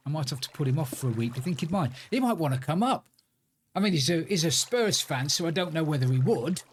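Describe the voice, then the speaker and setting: A chatty man live-streaming a game, rambling along as he plays and greeting viewers by name. His voice sits a touch higher than most men's. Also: lively intonation, fast talker, a little hiss or hum. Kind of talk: casual live-stream chat while playing.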